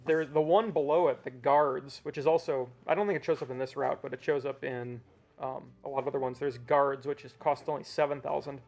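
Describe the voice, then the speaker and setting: Man, gravelly, mid-pitched, explanatory commentary, faint game music behind. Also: steady tone, brisk, a little mellow. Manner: explanatory, hesitant fillers. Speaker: speedrun commentator. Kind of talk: casual commentary.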